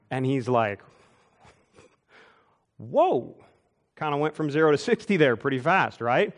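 A man preaching a sermon, telling church stories with quick asides and chuckles. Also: mid-range voice. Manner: animated storytelling with asides and chuckles. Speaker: pastor. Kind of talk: storytelling sermon.

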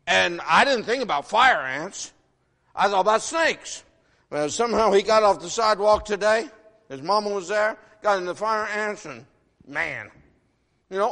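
A man in his sixties, originally from the northern United States, preaching a sermon in an animated, folksy way, full of rhetorical questions. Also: high-pitched, normal speed. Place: church sanctuary. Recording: long reverb of a large hall.

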